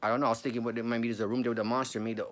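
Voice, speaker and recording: A man's voice: medium pitch, little pitch movement, rapid-fire, a bit bright. A man in his forties telling a spooky personal story in a rambling, profane, casual way, calling the listener bro.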